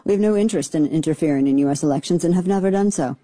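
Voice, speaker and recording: A woman's voice: sits low, very fast, dark tone, no echo. A woman giving opinionated news commentary in an exasperated, indignant, scolding way. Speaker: political commentator.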